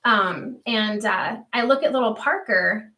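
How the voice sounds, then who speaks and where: Bright-voiced woman hosting a livestream. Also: on the high side, unhurried. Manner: chatty, earnest, laughs easily. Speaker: homestead livestream host. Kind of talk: casual livestream chat reading comments.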